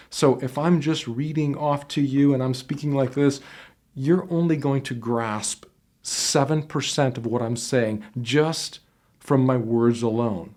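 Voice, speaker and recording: A man's voice: mid-range voice, slow, a little mellow. A man giving casual, conversational advice on job interviews and sometimes demonstrating how voices change as he explains. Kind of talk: instructional talk to camera. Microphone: headset microphone.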